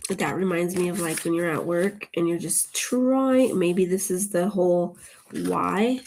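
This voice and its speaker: A woman's voice: on the low side, measured pace, a little mellow, a little hiss or hum. A woman giving a casual tarot reading to camera, rambling off into tangents and laughing often between remarks. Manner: chatty, drifts into tangents. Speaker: tarot reader.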